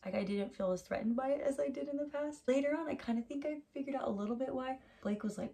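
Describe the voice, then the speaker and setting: American woman, thirties, casual vlog storytelling, gravelly fry in the voice. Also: sits high, fast talker, few pauses, warm tone. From United States. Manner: chatty storytelling, lots of "like". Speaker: vlogger. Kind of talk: casual travel vlog chat.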